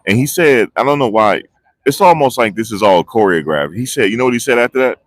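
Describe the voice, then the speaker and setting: A man vlogging live outdoors, talking in a rambling, excitable way and losing his train of thought. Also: mid-range voice, fairly quick, no echo, clean studio sound. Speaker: vlogger reporting on a trial. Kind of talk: live casual street commentary. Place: outdoors outside a courthouse. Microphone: phone on a handheld gimbal.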